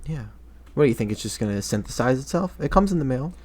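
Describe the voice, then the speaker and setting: Male podcast co-host, mid pitch, dry quipping voice. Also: expressive, fast, a little mellow. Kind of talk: casual chat.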